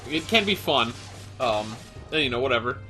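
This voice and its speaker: A man's voice: medium pitch, big pitch swings, normal speed, bright, forceful tone, faint music behind. A young man co-hosting a let's play, chatting casually in a rambling way with fillers and laughs. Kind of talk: casual gaming commentary.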